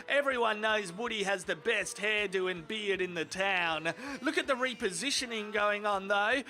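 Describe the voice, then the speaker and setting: A man's voice: extremely high pitch, bright, forceful tone. A man doing sweary, sarcastic mock sports commentary over funny video clips as a host.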